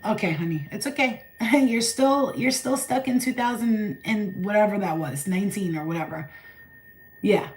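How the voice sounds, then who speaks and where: A woman with a New York accent, a spiritual channeler giving a blunt, profane, animated vlog message. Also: medium pitch, unhurried, reverberant, a little hiss or hum, poor audio.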